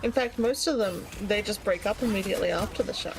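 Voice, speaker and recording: A woman's voice: medium pitch, fast talker, background noise. Chatty Australian-born woman streamer. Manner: chatty, a little hesitant. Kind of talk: casual chat while gaming. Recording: stream audio with music. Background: clear music.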